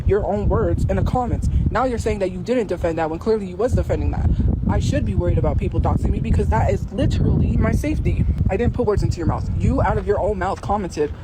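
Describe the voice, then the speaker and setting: A woman's voice: fairly low pitch, fast talker, heavy background noise. A woman arguing insistently on a livestream, repeating her point again and again. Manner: insistent, repetitive, confrontational. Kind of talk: heated livestream argument.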